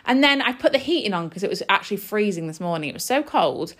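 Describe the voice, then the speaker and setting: A woman's voice: mid-range voice, lively intonation, quick pace, fairly bright tone. A woman, hosting a podcast and talking casually and earnestly, with many "you know" and "like" fillers. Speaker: podcast host.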